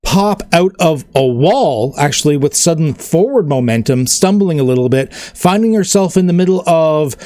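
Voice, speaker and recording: A man's voice: on the high side, expressive, moderate pace, few pauses, dark tone, no room sound. A man narrating as game master in a casual, rambling way, full of filler words.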